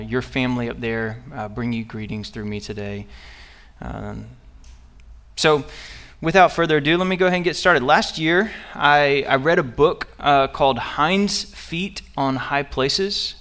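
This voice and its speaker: A man's voice: medium pitch, a bit bright, clear, resonant tone. A young man giving a sermon as a visiting preacher. He speaks earnestly and personally, stumbling through fillers and restarts as he goes. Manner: halting, many fillers and restarts. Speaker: guest preacher.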